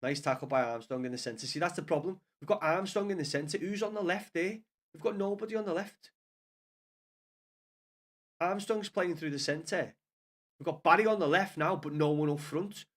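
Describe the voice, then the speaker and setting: A man with a Scouse accent talks his viewers through a football match as it happens, swearing and venting his frustration as he rambles on. His voice sits fairly high for a man. He is recorded in a small home studio room. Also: normal speed. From Liverpool, England. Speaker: streamer watching a match live. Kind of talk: live watch-along commentary.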